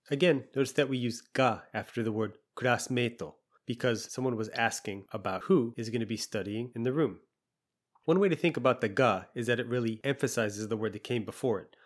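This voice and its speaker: A man with a mid-range voice teaches a language lesson, patiently explaining and slowly repeating example phrases.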